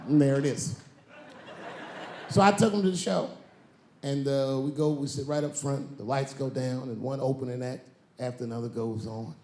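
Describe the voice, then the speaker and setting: A man's voice: mid-range voice, moderate pace, a little mellow, slight background noise. A man doing stand-up comedy, telling a laid-back story and acting out the other voices in it. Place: comedy stage with live audience.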